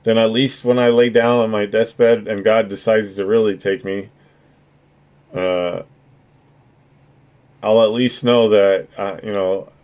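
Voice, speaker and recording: A man's voice: fairly low pitch, darkish tone. A man chatting casually on his livestream, rambling and earnest, swearing freely as he thanks his viewers. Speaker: streamer.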